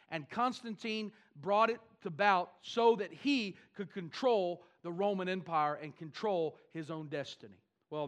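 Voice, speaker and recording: A man preaching a sermon to his church, animated and with wry asides. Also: high-pitched. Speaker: pastor.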